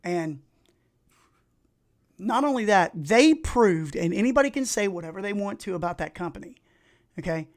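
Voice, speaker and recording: A man's voice: sits high, moderate pace, long pauses. Rambling Appalachian man streaming games. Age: middle-aged. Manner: rambling, excitable storytelling. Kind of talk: casual live-stream chat while gaming.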